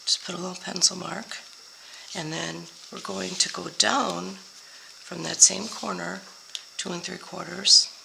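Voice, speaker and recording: Still gravelly from being sick for a week, an older woman talks her way through making a card, her fairly low, steady voice a little slow and sharp in tone. She is chatty, though product names occasionally escape her partway through a sentence.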